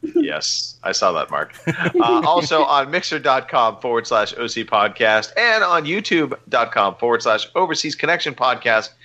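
A man's voice: medium pitch, big pitch swings, moderate pace, bright, forceful tone, dull audio. A man hosting a casual gaming podcast, joking and rambling with many fillers. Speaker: podcast host. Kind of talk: casual chat.

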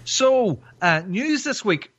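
A podcast host with a high-pitched, fairly bright voice speaks slowly but very animatedly, a little tipsy from wine. He rambles and jokes through a casual chat, full of fillers and restarts, over slight background noise.

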